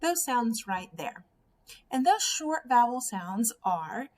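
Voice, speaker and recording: A woman teaching a phonics lesson to young children, sounding out each vowel slowly and clearly. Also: a little high, big pitch swings, a little mellow. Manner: slow, drawn-out sounding out of vowels. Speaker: first grade teacher.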